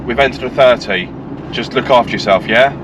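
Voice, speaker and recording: A man, hosting a car vlog in casual, deadpan joking chat. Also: medium pitch, fairly quick, lo-fi sound, noisy background. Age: 30s. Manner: playful, deadpan joking, stumbles over words. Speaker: vlog host. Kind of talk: casual chat while driving and on location. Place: small car on the road, then outdoors by the sea.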